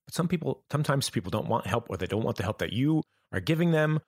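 A man talking as a podcast guest, reflective and halting, often restarting his sentences as he thinks aloud. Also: medium pitch, animated, breathy edge, no room sound, studio quality. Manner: halting, thoughtful, many restarts. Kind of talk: reflective conversation.

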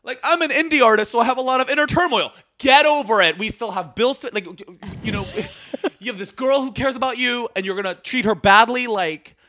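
A man's voice: very high voice, fairly quick, sharp tone. A man guesting on a podcast, talking in an emphatic, heated way in casual chat.

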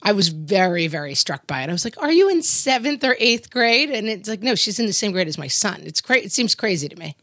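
A woman's voice: fairly low pitch, quick pace, hardly any pauses, no room sound, clean studio sound. A middle-aged woman co-hosting a casual chat show, telling stories and acting out the voices she quotes. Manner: animated storyteller, acts out quoted voices. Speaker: podcast co-host.

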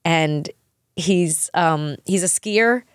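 Woman host, 40s, deep voice, dry close mic, chatty and rambling with fillers. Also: extremely slow, clean tone, dry recording. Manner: rambling, laughs often, many fillers. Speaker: podcast host. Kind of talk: casual chat.

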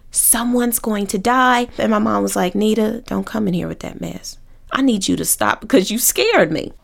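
A woman from Oakland tells a personal story with vivid, animated drama. Her middle-pitched voice carries a gravelly fry. A faint noise sits behind her. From Oakland, California.

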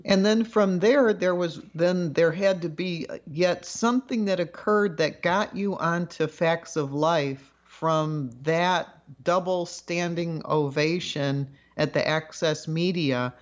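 A woman's voice: on the low side, takes it slowly, few pauses, muffled recording. A woman co-hosting a radio interview, exclaiming in surprise and asking long questions. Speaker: radio show co-host.

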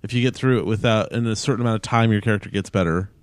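A man in a casual gaming chat, quick and wry. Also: fairly low pitch, no echo, clean studio sound.

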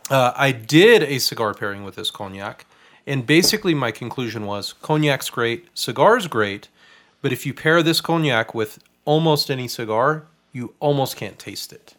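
A man's voice: mid-range voice, moderate pace. Man explaining spirits in a laid-back way. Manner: explanatory, relaxed, with frequent fillers. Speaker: podcast host and spirits writer. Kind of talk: casual tasting chat.

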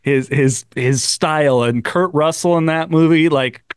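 A man's voice: fairly high pitch, a little slow, clean tone, no echo, studio quality. A man hosting a podcast in casual chat, enthusiastic and stumbling over his words. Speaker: podcast host.

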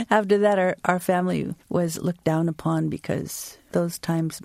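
A woman from the United States performing a personal story and then talking as an interview guest, vivid and expressive. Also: fairly low pitch, a little slow, vocal fry, no echo, studio quality.

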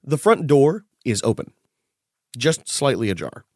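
A man narrating a tabletop game as game master, with a steady, descriptive delivery. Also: medium pitch, a little slow, dry recording, studio quality.

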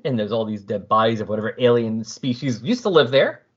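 A man's voice: medium pitch, brisk, husky, lo-fi sound. A man casually recapping a story for a podcast, acting out the characters' dialogue as he goes. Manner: animated, jokey, acts out the dialogue.

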